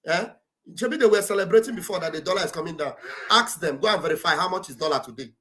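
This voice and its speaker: Booming Nigerian man preaching on a livestream. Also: lively intonation, fast, a little hiss or hum. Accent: Nigerian English with Pidgin. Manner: loud, preachy, shouting exhortations. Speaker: livestream commentator. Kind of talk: impassioned livestream address. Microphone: streaming setup mic.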